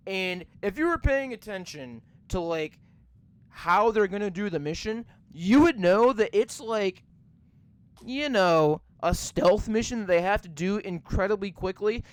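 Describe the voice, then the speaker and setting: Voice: mid-range voice, no room sound. A podcast host giving a rambling, profane rant while reviewing a movie. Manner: ranting, profane, rambling with many fillers.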